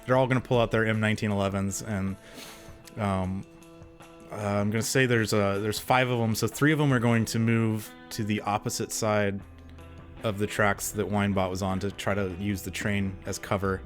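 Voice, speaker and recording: A man's voice: fairly low pitch, flat delivery, normal speed, soft background music. A man narrating as game master of a tabletop role-playing game, laid-back and laughing often, with filler words.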